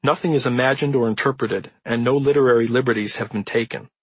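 Man, author narrating, husky tone, dry close recording, measured earnest delivery. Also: mid-range voice, steady tone, no echo, low-quality recording. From Midwestern United States. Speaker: author reading his own introduction. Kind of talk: audiobook narration.

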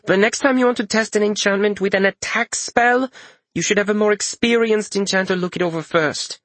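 A man's voice: high voice, brisk, a bit bright, no room sound, voice pushed up. A man voicing a curt, clinical woman healer giving firm instructions in an audiobook. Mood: stern.

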